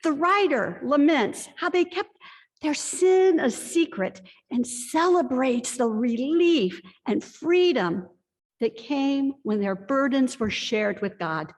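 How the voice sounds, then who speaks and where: Slow earnest woman preaching in a reverberant church. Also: high-pitched, expressive. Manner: slow, earnest storytelling with personal confession. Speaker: pastor. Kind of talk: sermon. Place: church sanctuary. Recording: long reverb of a church hall.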